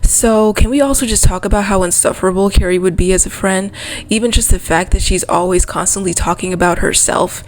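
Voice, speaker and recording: A woman's voice: fairly low pitch, a little hiss or hum. Exasperated young woman ranting. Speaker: video essay creator. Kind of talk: ranting commentary video essay.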